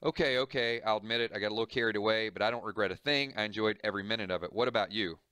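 A man's voice: lowish voice, racing, pushed and bright, smooth, dry recording. A man voicing a smug, cruel male town leader who gloats and mocks in a comic reading. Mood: gloating. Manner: gloating, mocking.

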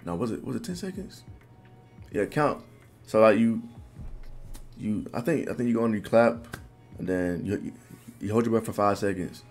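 Young guy vlogging, lowish gravelly voice, slangy and animated, keeps saying bro. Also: moderate pace, long pauses, soft background music. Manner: animated, loose slangy talk full of "bro". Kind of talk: casual storytelling.

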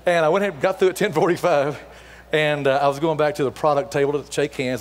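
A middle-aged man giving a storytelling sermon as a guest speaker, acting out the dialogue as he tells it before softening to a hushed appeal. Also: fairly high pitch, animated, fast. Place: church sanctuary. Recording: long hall reverb in a church.

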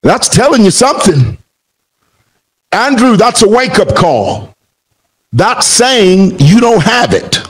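A man's voice: sits high, big pitch swings, takes it slowly, pauses often, husky, poor audio. A man from Zambia giving a heated reaction commentary, combative and rhetorical, repeating phrases for emphasis. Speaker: political commentator.

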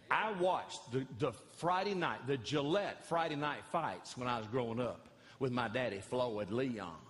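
A man's voice: medium pitch, a little hiss or hum. Folksy man telling comic stories. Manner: animated, folksy, repeats phrases for effect. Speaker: comedian and pastor. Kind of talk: stand-up comedy storytelling. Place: large church hall before an audience. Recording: reverberant hall, live audience.

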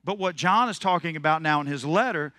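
A man preaching a sermon as pastor, animated and joking, swinging from loud declarations into quiet asides. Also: fairly high pitch, brisk, no echo, studio quality. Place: church sanctuary.

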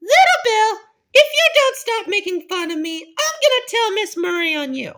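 A woman's voice: extremely high pitch, sing-song, fairly bright tone, full character voice. A woman voicing a little girl bear cub who whines and pleads, in a fan-made cartoon. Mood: upset. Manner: whiny, pleading, quick to cry out.

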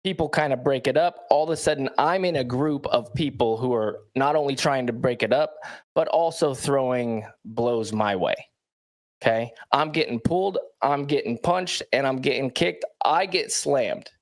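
A man's voice: mid-range voice, normal speed. A man, a professional athlete, telling a story bluntly in short emphatic sentences, often checking in with the listener. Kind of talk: storytelling in a played clip.

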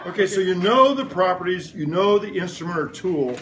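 A middle-aged man leads a classroom science lesson, firing playful questions at the class and waiting for them to answer back. His voice sits high for a man. Steady classroom noise hums behind him. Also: a little fast, roomy sound, far from the mic, over a noisy crowd. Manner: call-and-response questioning, playful. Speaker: science teacher. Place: elementary school classroom.

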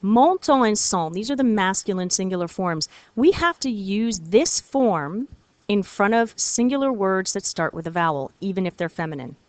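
A woman French teacher giving a recorded video lesson, patient and encouraging, repeating words slowly for her students. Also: mid-range voice, lively intonation, darkish tone, no echo.

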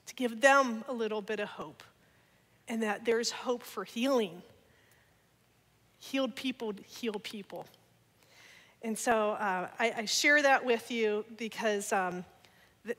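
A woman delivers an energetic, humorous church talk. Her voice is bright and fairly high. The sound carries a long reverb, as from a church hall. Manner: energetic, laughing, playful asides. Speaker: guest speaker.

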